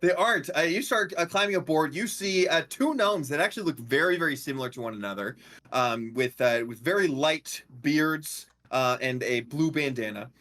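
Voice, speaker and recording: A man narrating a tabletop game as game master, halting with many fillers. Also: on the high side, expressive, a bit bright.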